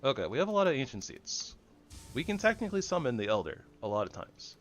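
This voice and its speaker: A man giving goofy, rambling commentary over his own gameplay, jumping between loud excitement and soft mumbling. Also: mid-range voice, quick pace, a little hiss or hum. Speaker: gaming channel host.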